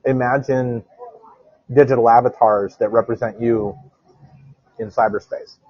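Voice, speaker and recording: A man co-hosting a podcast by phone walks outdoors and then into a quiet bar, chatting casually as a rambling storyteller who laughs often. His voice is medium-pitched and steady with a measured pace, and the recording is dry, dull, lo-fi phone-call audio.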